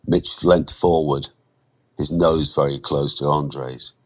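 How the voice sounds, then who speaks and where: A man giving a measured, even storybook narration. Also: very deep voice.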